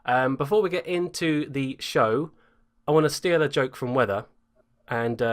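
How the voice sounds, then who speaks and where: A man's voice: fairly high pitch, moderate pace. Chatty young man hosting a podcast. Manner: chatty, self-mocking. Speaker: podcast host. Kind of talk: casual group chat.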